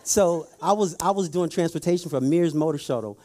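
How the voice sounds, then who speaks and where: Man preaching a folksy, mellow sermon. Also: on the high side, a little fast. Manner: folksy, storytelling, addresses the audience directly. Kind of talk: conversational sermon.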